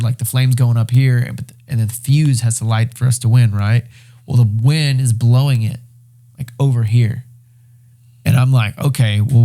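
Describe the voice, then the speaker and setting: A young man speaks as a podcast guest in a mellow, warm voice. His telling is animated, and he leans into a survival story with swearing, restarts and bursts of energy. The talk is casual and conversational. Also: medium pitch. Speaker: podcast guest, reality show winner.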